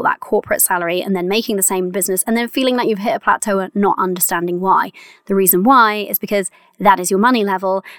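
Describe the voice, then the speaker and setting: A young adult woman hosting a solo coaching podcast, chatty and encouraging, often laughing and addressing listeners warmly. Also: mid-range voice, dry recording, studio quality. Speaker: money mindset coach and podcast host.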